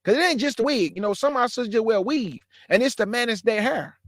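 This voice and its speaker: A man's voice: very high-pitched, animated, fast, dry recording, studio quality. A man in his forties giving a casual, emphatic preaching talk as a caller in an online religious discussion, calling his listeners bro and y'all. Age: 40s.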